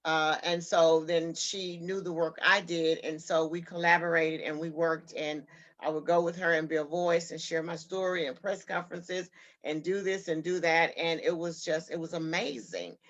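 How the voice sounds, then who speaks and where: A woman's voice: lowish voice, little pitch movement, moderate pace, lo-fi sound. A woman guest telling a personal story in an interview, earnest and heartfelt.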